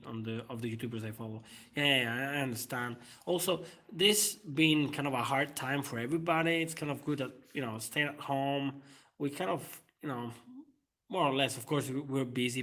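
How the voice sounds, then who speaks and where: A man's voice: mid-range voice, a bit bright. A man hosts his own channel in a loose, rambling live-stream chat. He fills his sentences with hesitations and breaks into laughter often. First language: Italian. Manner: rambling, frequent fillers and laughter. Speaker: channel host.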